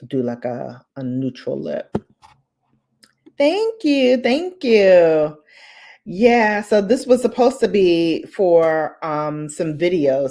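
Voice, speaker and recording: Low-voiced woman chatting on a live stream. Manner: chatty, relaxed, repeats phrases, reads chat aloud. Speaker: beauty and lifestyle YouTuber. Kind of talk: casual live-stream chat to viewers.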